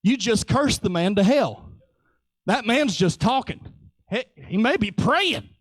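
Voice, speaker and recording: Animated high-voiced preacher man. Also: a little slow, dry recording. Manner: lively, joking, acts out voices. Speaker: pastor. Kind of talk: sermon.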